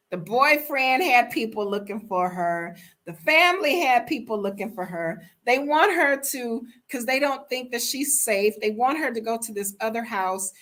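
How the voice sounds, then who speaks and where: Older woman, blunt storyteller, bright and forceful. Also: mid-range voice. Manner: sassy, blunt, animated storyteller. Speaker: vlogger telling a travel story. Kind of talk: casual storytime monologue.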